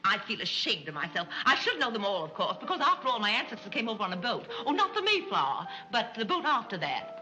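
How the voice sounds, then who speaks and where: An actress playing a flighty, scatterbrained rich matron who rambles giddily in 1930s screwball film style. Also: female voice, medium pitch, very animated, fast, few pauses, natural voice. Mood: giddy. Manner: giddy, rambling, airheaded chatter. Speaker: scatterbrained society mother. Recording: muffled 1930s film soundtrack with music.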